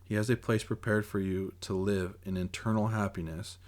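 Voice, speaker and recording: A man voicing a calm, devout mother who soothes her son in a preachy way, in a self-read audiobook. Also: lowish voice, moderate pace, lightly acted. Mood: soothing. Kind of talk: audiobook character voice.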